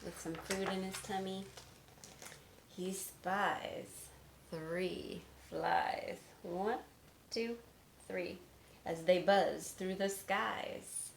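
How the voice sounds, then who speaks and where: A woman teacher reading a picture book aloud to children at home, with big swoops in pitch. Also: very slow, creaky, pauses often. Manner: expressive read-aloud with big pitch swings. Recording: roomy sound with faint noise.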